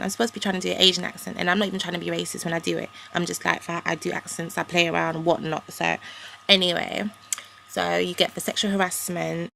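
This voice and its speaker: A woman's voice: lowish voice, creaky, fairly bright tone, slight background noise. A young woman, ranting in a rambling, indignant way with casual slang as a vlogger. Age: young adult. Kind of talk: ranting to camera.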